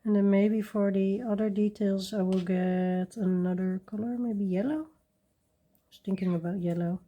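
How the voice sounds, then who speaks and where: A woman hosting a coloring video, chatting casually and rambling softly while she works at her desk. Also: medium pitch, steady tone, a little slow, dull audio. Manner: soft-spoken, rambling, with little laughs. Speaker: coloring channel host.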